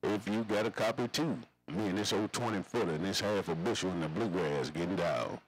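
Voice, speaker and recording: A man's voice: low voice, brisk, slightly rough, dry recording, poor audio. A man chatting over CB radio, rambling in slangy, repetitive radio lingo. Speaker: CB radio operator.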